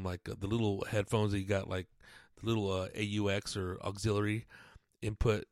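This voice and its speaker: A man's voice: fairly low pitch, dry recording, studio quality. A man hosting a podcast, rambling casually and swearing often, with lots of fillers. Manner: rambling, profane, laid-back, lots of "dude" and fillers. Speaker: podcast host.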